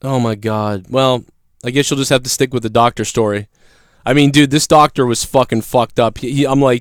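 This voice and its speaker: A man hosting a casual livestream, telling stories in a profane, animated way. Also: medium pitch, fairly quick, no room sound, clean studio sound. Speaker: livestream show host. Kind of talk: casual ranting livestream chat.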